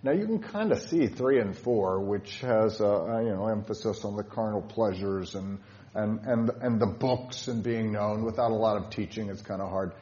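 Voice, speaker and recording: A man's voice: fairly low pitch, normal speed, warm tone. A male pastor with a Southern Illinois accent, giving a thoughtful catechetical sermon with many fillers. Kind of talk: catechetical sermon with hymn lining. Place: church sanctuary. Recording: echoey church, dull lo-fi sound.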